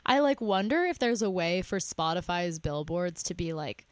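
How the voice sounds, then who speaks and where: A woman's voice: fairly low pitch, animated, normal speed, no echo. A woman co-hosting a podcast, chatting casually about music, laughing often and swearing freely. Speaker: podcast co-host.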